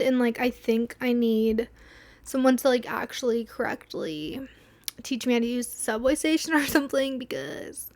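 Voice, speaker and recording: A woman's voice: sits high, dry recording. Chatty young woman with a dry close sound. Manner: rambling, animated retelling with quoted asides. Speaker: podcast host. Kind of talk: casual solo storytelling.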